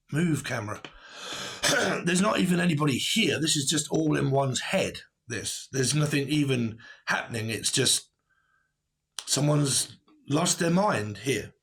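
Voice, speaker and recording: A man's voice: medium pitch, creaky, a bit bright, husky. A man giving a casual tarot reading to camera, blunt and rambling, who swears and laughs often. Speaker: tarot reader.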